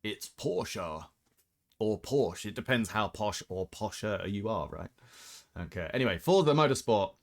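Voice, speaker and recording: A man's voice: fairly low pitch, animated, measured pace. Blunt man ranting over racing clips. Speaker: host reacting to racing clips. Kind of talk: casual commentary.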